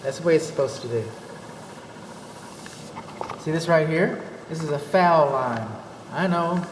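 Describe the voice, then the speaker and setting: The recording echoes through empty rooms of a new house, with steady background noise behind a Texan man's fairly high voice. At a measured pace, this home inspector narrates a folksy, chatty walkthrough for a client, joking as he goes.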